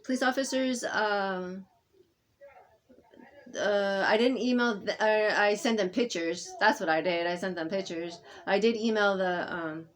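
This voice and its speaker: Woman, mid-range pitch, rambling vlog monologue, stop-start delivery full of restarts, drops soft then pushes loud. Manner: halting and rambling, many fillers and restarts; swings between soft murmuring and loud insistence. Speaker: vlogger speaking to camera. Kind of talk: unscripted personal monologue.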